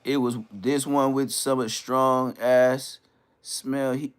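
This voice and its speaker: A man telling stories as a podcast guest, in slangy, animated casual talk full of restarts. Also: medium pitch, takes it slowly, clean tone. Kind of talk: casual storytelling.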